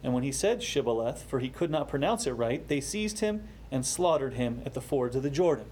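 A man preaching a sermon, explaining a scripture passage with rising emphasis and quieter, slower asides. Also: mid-range voice, lively intonation, a little hiss or hum. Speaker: pastor.

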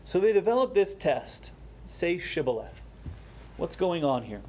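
A man delivers an expository sermon in a slightly higher-pitched voice, building his points with rising emphasis before dropping into quiet, slowed reflections. Faint hiss sits under the recording. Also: very animated. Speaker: pastor.

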